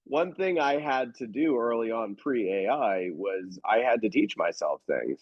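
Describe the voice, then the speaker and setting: An animated male guest with a husky, medium-pitched voice talks casually about real estate investing in an interview. He's a storyteller who is emphatic and blunt. The recording is dry and slightly dull.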